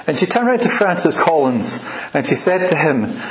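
A man's voice: on the high side, big pitch swings, normal speed, hardly any pauses, echoey room, rough recording. A man preaching a sermon in a church, telling stories in a conversational, rambling way with restarts. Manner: conversational, anecdotal, with frequent restarts and fillers.

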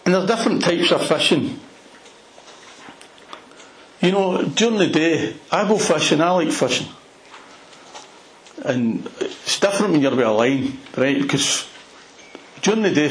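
A man with a Glasgow accent preaching a sermon, retelling a Bible story in an animated way with plenty of local slang. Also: medium pitch, roomy sound, low-quality recording. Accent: Glaswegian Scottish. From Scotland. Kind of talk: expository sermon.

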